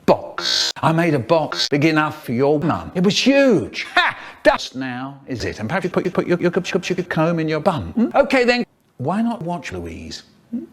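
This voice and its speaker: A man telling comic stories in a playful, animated way, full of sudden vocal swings. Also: a little high, normal speed. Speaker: storyteller. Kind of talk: spliced comic storytelling clips.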